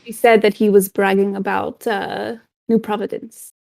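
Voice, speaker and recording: A woman voicing a wry male pirate captain in a tabletop game, with a gravelly voice. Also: mid-range voice, level tone, moderate pace, darkish tone, a little hiss or hum, natural voice. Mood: casual. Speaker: game master.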